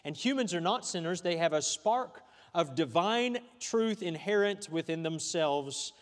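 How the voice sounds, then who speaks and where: A man with a Texan accent gives a conversational sermon as pastor. His voice sits a little high for a man, and he stumbles through fillers and restarts. The sound rings with long reverb from a hall. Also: animated, measured pace.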